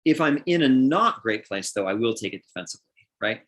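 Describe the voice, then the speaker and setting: A man's voice: mid-range voice, lively intonation, fairly quick. A middle-aged man, a counselor, answering questions on a livestream in a thoughtful way, often restarting and acting out examples. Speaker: counselor guest.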